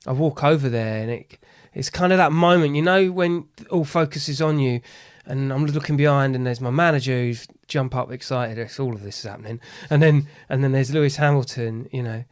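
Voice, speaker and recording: A man telling casual anecdotes as a podcast guest, lively and swearing freely with frequent laughs. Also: mid-range voice, brisk, hardly any pauses. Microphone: podcast studio mic.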